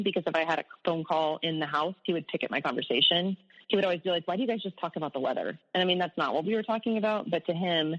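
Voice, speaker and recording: A woman's voice: low voice, fairly bright tone, in a large hall, lo-fi sound. A woman, an abuse survivor, telling her story candidly in an interview, with rueful laughs at hard memories.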